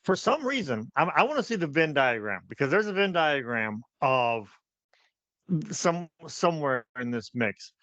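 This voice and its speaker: A man co-hosting a casual talk show, animated, laughing often and repeating words as he thinks. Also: a little high, normal speed, no echo, dull audio. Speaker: podcast co-host. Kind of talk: casual chat.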